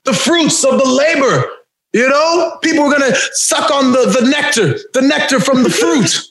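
A man hosting a podcast, teasing his guest in animated, emphatic casual chat. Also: very high voice, normal speed, reverberant. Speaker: podcast host.

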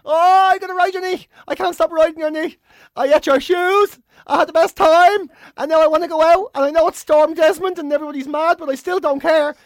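A man's voice: very high voice, fairly even intonation, fairly quick, dry recording, pitched above the performer's own voice. A man voicing an overexcited, adoring pet dog in a squealing, breathless gush. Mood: ecstatic.

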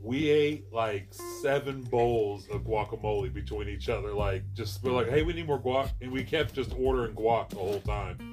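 A man's voice: fairly low pitch, moderate pace, hardly any pauses, a little mellow. Young man, casual chat, laid-back, swears, music in the background.

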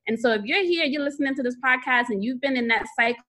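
A woman's voice: sits high, quick pace, fairly bright tone. A woman guesting on a podcast as a financial coach, telling stories animatedly and repeating words for emphasis. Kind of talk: casual podcast interview.

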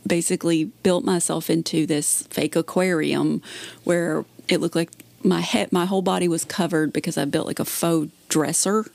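A woman's voice: fairly low pitch, steady tone, moderate pace, creaky, a little mellow, no room sound. A woman comedian telling stories in a casual interview, chatty and laughing often. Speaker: comedian guest.

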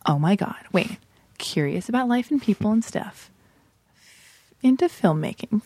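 A woman's voice: mid-range voice, expressive, moderate pace, pauses often, mellow, dry recording. A woman hosting a casual interview, teasing her guest with rambling, playful questions. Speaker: host.

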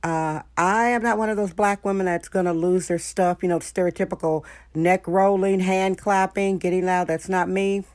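A woman's voice: lowish voice, fairly even intonation, normal speed, hardly any pauses, a little mellow, no room sound, clean studio sound. A woman hosting a podcast, telling a story in a chatty, frank way and talking straight to her listeners. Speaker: podcast host. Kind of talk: casual storytelling monologue. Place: San Francisco.

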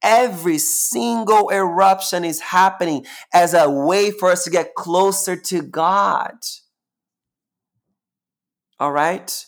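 A man's voice: high-pitched, slow pace, gravelly. A man hosting a live-streamed solo talk as a spiritual teacher, sassy and emphatic, preaching and repeating phrases for emphasis. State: close to tears at times.

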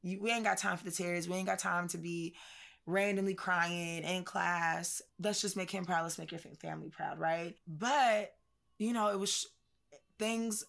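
A woman co-host speaks in a slightly low register with a gravelly fry running through her voice. She tells her story in a relaxed, reflective, conversational way, dropping slang and fillers as she goes. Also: normal speed. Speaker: podcast co-host. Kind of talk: casual personal storytelling.

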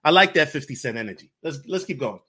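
Reaction-channel host, man, animated slang talker, somewhat high voice. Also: fast talker, breathy edge. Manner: animated, slangy, repeats himself, calls others dog. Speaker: crypto YouTuber reacting to a video. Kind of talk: casual reaction commentary.

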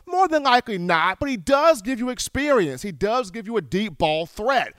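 A man's voice: high voice, sing-song, normal speed, fairly bright tone, smooth, no echo, clean studio sound. Upbeat sports radio host man. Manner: upbeat, enthusiastic.

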